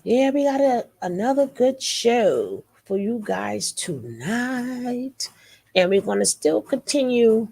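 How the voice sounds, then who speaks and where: A woman's voice: on the high side, sing-song, slow, vocal fry, dark tone, slightly rough. A woman hosting a live stream in a casual chat style, playful and teasing as she greets viewers by name. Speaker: livestream host.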